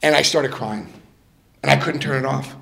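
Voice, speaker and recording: Older man telling his story, animated. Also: mid-range voice, moderate pace, vocal fry. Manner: animated storyteller who acts out dialogue and laughs often. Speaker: recovery meeting speaker. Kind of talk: personal testimony to a group.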